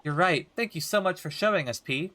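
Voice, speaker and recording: An earnest, polite boy hero from a fantasy game, read by a man in a bright, lively voice close to his own. Faint music plays under him. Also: a little high, brisk, pitched above the performer's own voice.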